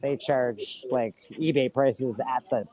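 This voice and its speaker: A man's voice: mid-range voice, takes it slowly, background noise. A man from Canada chatting casually in a podcast, blunt and swearing freely. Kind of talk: casual chat.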